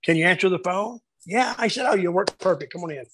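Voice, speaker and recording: A man reminiscing casually about his years booking shows, telling lively anecdotes and acting out the quotes. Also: sits high, quick pace, slightly rough, poor audio. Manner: animated storyteller acting out quotes. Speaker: wrestling booker telling stories.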